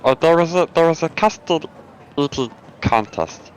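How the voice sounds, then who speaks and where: A man's voice: on the high side, expressive, normal speed, a little hiss or hum, natural voice, low-quality recording. A man doing a bubbly, childlike little companion. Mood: bubbly, eager. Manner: eager, bubbly, stumbling over words. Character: sweet, childlike male companion, cheerful and sugar-mad.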